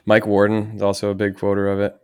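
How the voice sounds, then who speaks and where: A man's voice: on the low side, monotone, quick pace, a little mellow, smooth. A man in his thirties chatting casually on a podcast, laid-back and wry.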